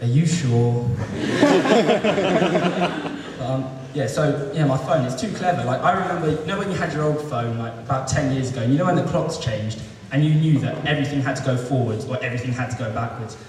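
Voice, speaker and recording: A man's voice: mid-range voice, fast talker, hardly any pauses. Young male student comic, self-deprecating and rambling, heard distant in a big reverberant hall. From London. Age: young adult. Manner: self-deprecating, rambling, lots of ums and restarts. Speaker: student stand-up comedian. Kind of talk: stand-up comedy set. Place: live comedy venue with audience. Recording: echoey hall, mic from far off, audible noise.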